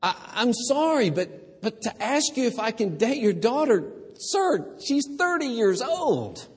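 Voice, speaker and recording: Man doing jittery polite boyfriend, raised pitch, apologetic delivery, big hall echo. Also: sing-song, a little slow, husky, full character voice. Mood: flustered. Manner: apologetic, timid. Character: nervous polite young male suitor. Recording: long church reverb.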